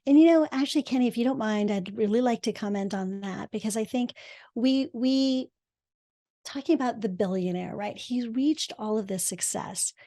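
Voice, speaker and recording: A middle-aged woman with a fairly high voice, chatting as a guest on an interview show. She speaks emphatically, her pitch and volume leaping up to stress a point and then settling back down. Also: moderate pace. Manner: emphatic, with lively swings in pitch and loudness. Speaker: guest, real estate investor and podcast host. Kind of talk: casual interview chat.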